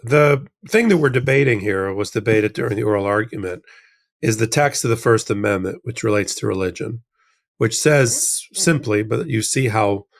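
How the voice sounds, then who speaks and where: A man's voice: fairly low pitch, vocal fry. An American man co-hosting a legal discussion show, explaining in a casual, emphatic way with rhetorical asides. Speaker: legal commentator, co-host.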